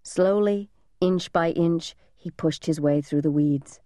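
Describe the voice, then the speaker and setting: A woman narrating a thriller audiobook in an even, measured storytelling manner. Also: lowish voice, dry recording.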